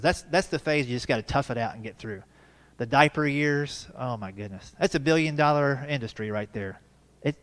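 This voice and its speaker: A man in his fifties performing a stand-up comedy set, telling folksy family stories with punchy asides at a live show in a church hall. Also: mid-range voice. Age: 50s.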